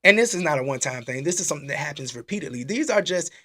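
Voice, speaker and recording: An animated man hosts a casual church-style talk. His voice sits a little high. He asks the same questions again and again. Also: rapid-fire. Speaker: host. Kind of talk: casual preaching live stream.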